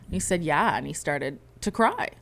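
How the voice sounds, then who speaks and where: Low-voiced emotional woman telling a story. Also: animated, normal speed, vocal fry, a bit bright. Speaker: podcast co-host. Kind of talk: candid conversation.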